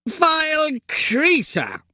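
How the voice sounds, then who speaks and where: A man voicing a foppish, excitable young upper-class gentleman with theatrical, plummy exclamations. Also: sits high, moderate pace, no echo, clean studio sound, heavily acted. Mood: exclaiming. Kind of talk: audiobook character voice.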